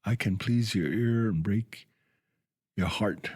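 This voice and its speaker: A scheming, possessive old toad mother from a storybook, voiced by a man reading aloud. The voice sits low and moves slowly and deliberately. The sound is close and dry. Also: a little mellow, dry recording. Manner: gruff and coarse when wailing.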